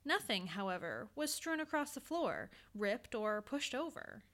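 A woman narrating a spooky fiction episode in a measured, suspenseful storytelling manner. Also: a little high, sing-song, a bit bright.

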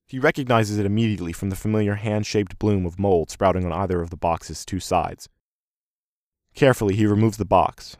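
Deep-voiced man narrating fiction. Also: no echo, clean studio sound. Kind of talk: first-person fiction narration.

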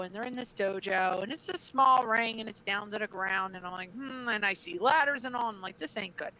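A brash middle-aged woman, a former wrestler and trainer, telling stories in a casual interview with plenty of swearing. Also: medium pitch. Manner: brash, profane, animated. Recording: dull lo-fi audio.

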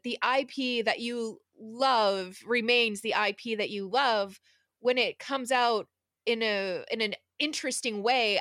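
A woman co-hosting a relaxed podcast. Her voice sits a little high and sounds dry and close. She talks in an easygoing, chatty way. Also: dry recording. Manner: easygoing, chatty, laughs readily. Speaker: podcast co-host. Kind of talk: casual podcast chat.

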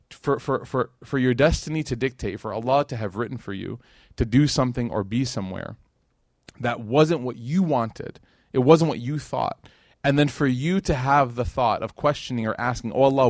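A man's voice: mid-range voice, no room sound, studio quality. A man from Chicago, in his thirties, giving a casual, conversational religious lecture to a live audience, full of fillers and questions to the crowd. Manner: chatty, uses many fillers like "like" and "you know", asks the audience questions. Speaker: Islamic lecturer.

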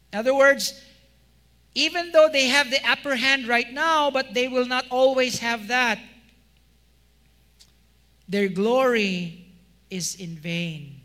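A male pastor delivers a sermon in a high, bright voice. He takes his time, pausing for rhetorical questions and stressing single words before sinking his phrase endings low. The sound carries a long hall reverb. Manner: preaching with rhetorical questions, rising emphasis then dropping low.

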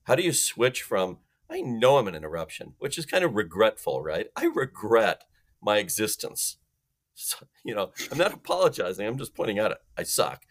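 Emphatic low-voiced man with lively pitch. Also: normal speed. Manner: emphatic, acts out phone calls in different voices. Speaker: sales expert guest. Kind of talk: animated podcast explanation.

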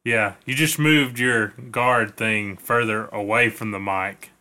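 A man's voice: lowish voice, steady tone, slow pace, pushed and bright. A man hosting a podcast, chatting loosely and joking his way through sponsor reads. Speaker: podcast host. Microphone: podcast microphone.

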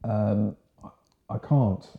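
A man's voice: fairly low pitch, slow, narrow, tinny audio. Chatty older English man, roomy sound. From Sussex, England. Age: 60s. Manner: chatty, rambling, frank. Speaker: guest, ex-marine. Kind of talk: casual interview storytelling.

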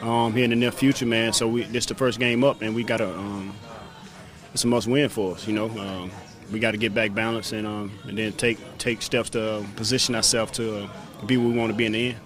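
Laid-back fast-talking football player. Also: male voice, fairly low pitch, level tone. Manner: laid-back, says "man" and "you know what I'm saying" often. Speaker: pro football player being interviewed. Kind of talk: casual interview answers.

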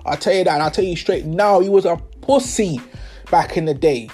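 Animated young man telling stories. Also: high-pitched, brisk, faint music behind. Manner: animated, slangy, swearing, voices the people in his stories. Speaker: podcast host. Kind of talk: casual storytelling monologue.

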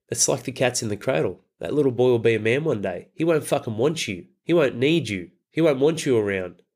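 Middle-aged man, medium pitch, hard-hitting fathers' coach who swears freely. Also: expressive, a little fast, a little mellow. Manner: blunt, emphatic, heavy swearing. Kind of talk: motivational talk.

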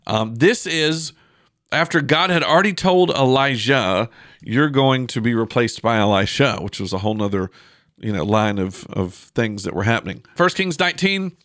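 A man's voice: mid-range voice, lively intonation, moderate pace, fairly bright tone, no room sound, studio quality. A man who is a pastor, teaching from the Bible in a casual, conversational podcast, reading scripture aloud between loose asides and fillers.

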